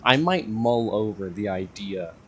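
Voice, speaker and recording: Rambling low-voiced young man. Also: lively intonation, unhurried, fairly bright tone, a little hiss or hum. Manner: rambling, hesitant, many fillers and self-corrections. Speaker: YouTuber. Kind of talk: casual rambling vlog monologue.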